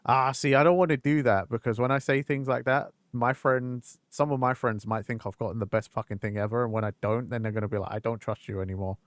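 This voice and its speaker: A man's voice: mid-range voice, steady tone, fairly quick, few pauses, no room sound. A man streaming a game and chatting casually with viewers, talking candidly, swearing freely and laughing at himself. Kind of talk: casual live-stream chat over gameplay.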